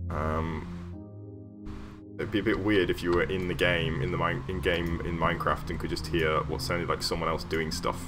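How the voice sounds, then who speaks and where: Rambling low-voiced male game streamer. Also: level tone, normal speed, over music. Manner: rambling, hesitant, full of ums and laughs. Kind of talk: casual livestream chat while building in a game.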